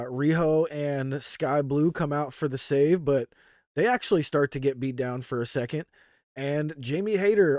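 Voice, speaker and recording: A man co-hosting a casual review podcast, retelling the action in an excited, slangy play-by-play. His voice sits at an ordinary pitch and is recorded dry and close, with little room sound. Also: dry recording. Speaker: podcast co-host. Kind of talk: casual wrestling review chat.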